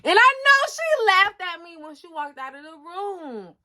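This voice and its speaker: A woman in her twenties talking casually and animatedly to the camera, speaking straight to her viewers and dropping her voice low for asides. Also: moderate pace, few pauses. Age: 20s. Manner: chatty, animated, addresses viewers directly as y'all. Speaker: vlogger.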